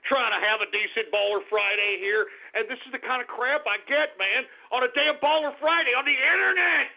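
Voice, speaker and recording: Ranting radio host with a high, gravelly voice. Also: male voice, a little fast. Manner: loud, exasperated ranting, shouting insults. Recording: tinny, phone-like radio broadcast audio.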